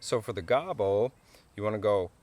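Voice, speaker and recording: Easygoing low-voiced man teaching. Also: lively intonation, normal speed, darkish tone. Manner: easygoing, chuckles often, plain folksy explanations. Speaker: wildlife calling instructor. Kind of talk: hands-on tutorial.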